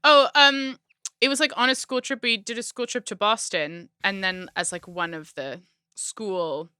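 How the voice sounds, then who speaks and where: Woman, playful podcast co-host, smooth bright voice, dry close recording. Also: medium pitch, steady tone, no echo. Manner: playful, jokey, quick asides. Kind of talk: casual book chat.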